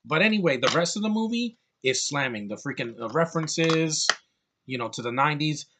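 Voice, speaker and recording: A young man giving a casual, opinionated movie review, blunt and ranting, swearing freely and repeating words when excited. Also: a little high, brisk, background noise.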